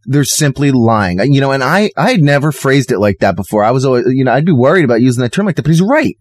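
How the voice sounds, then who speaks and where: Emphatic podcast host, dry sound. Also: male voice, mid-range voice, expressive, rapid-fire, dry recording. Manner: emphatic, laughs often. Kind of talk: casual podcast chat.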